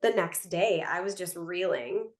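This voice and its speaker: A woman guest on a podcast, chatting casually and telling her stories in a lively way, often breaking into laughter. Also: fairly low pitch, a little slow. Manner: animated storyteller, laughs often. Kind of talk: casual conversation.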